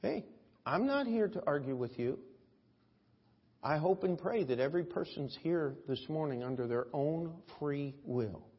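Male pastor, slightly high husky voice, emphatic folksy sermon delivery, recorded in a reverberant church. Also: animated, a little slow. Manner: preaching with emphatic swings in pitch and loudness, folksy anecdotes. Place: church sanctuary. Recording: echoey church hall, dull lo-fi audio.

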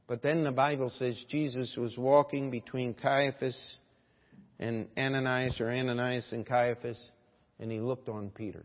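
A man's voice: mid-range voice, steady tone, normal speed. Preaching man in a reverberant church. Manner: preaching with rhetorical questions and voiced scripture quotes. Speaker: pastor. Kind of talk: sermon. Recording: dull lo-fi church audio with long hall reverb.

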